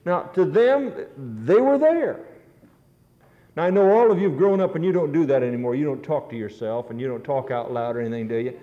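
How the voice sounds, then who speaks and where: A man's voice: mid-range voice, quick pace, few pauses. A middle-aged man preaching a sermon, telling stories with earnest, rising emphasis. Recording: dull lo-fi recording.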